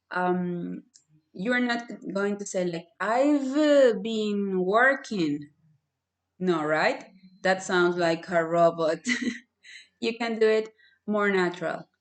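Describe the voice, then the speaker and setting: A woman with a Spanish accent teaching English grammar in an online class, patiently drilling forms and checking in with "right?". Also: medium pitch.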